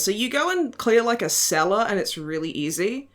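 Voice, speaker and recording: Podcast host, woman, bright and crisp voice, sardonic and giggly, swears freely. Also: medium pitch, expressive, normal speed, few pauses. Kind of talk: casual chat.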